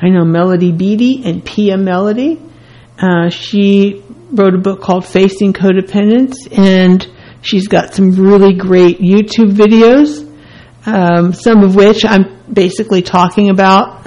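A woman's voice: medium pitch, fairly even intonation, unhurried, a little mellow, rough recording. A woman hosting a self-help radio talk, speaking earnestly and candidly in short repeated phrases. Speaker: radio host.

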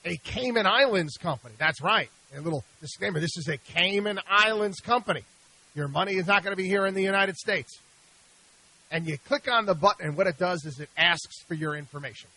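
Animated male radio host, bright high voice. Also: fairly quick, low-quality recording. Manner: animated, exasperated, repeats and restarts. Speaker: radio show host, investment advisor. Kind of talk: radio talk monologue.

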